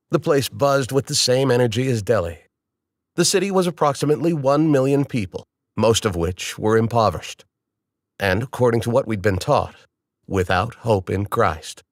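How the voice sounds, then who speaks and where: A man reading a novel aloud in the first person, in a measured, wry storytelling manner. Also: medium pitch, no room sound, clean studio sound. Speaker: audiobook narrator. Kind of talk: scripted first-person narration.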